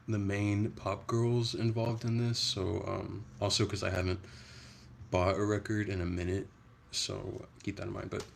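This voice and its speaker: A young man hosting a casual livestream, chatting in a soft-spoken, rambling way. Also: low voice, gravelly, slight background noise. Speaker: livestream host.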